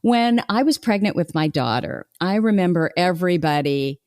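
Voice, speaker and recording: A woman's voice: on the low side, expressive, normal speed, a little mellow, dry recording, studio quality. A woman in her forties hosting a podcast, chatting casually and laughing often. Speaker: podcast host. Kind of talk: casual interview chat.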